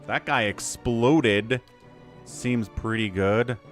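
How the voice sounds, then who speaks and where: A man's voice: mid-range voice, extremely slow, music in the background. A man streaming a role-playing game, chatting casually and reading the game text aloud. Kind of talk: casual gameplay commentary.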